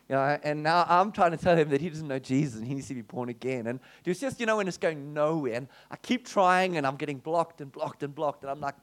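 Animated South African preacher, higher voice. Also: male voice. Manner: animated storyteller, voices swing up and down; many restarts and asides. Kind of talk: testimony storytelling sermon.

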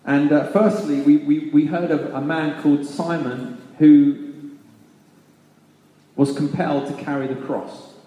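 A man preaching a sermon, reading scripture and then reflecting on it with restarts and pauses. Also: a little high, steady tone, mellow. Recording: echoey hall reverb.

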